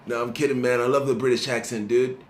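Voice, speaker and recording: A man's voice: medium pitch, level tone, quick pace, echoey room, slight background noise, natural voice. An actor playing a teasing male waiter in a comedy sketch, joking with a customer. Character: teasing male restaurant server.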